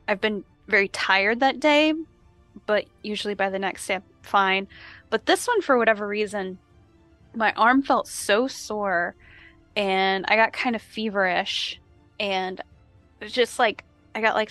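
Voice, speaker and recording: A woman's voice: mid-range voice, a bit bright, dry recording. A woman co-hosting a podcast in casual chat, easygoing and laughing often. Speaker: podcast co-host and editor.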